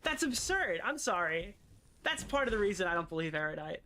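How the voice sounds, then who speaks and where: A woman's voice: mid-range voice, very animated, fairly quick, bright, forceful tone, a little hiss or hum. A woman streamer ranting in casual commentary, exasperated and swearing often.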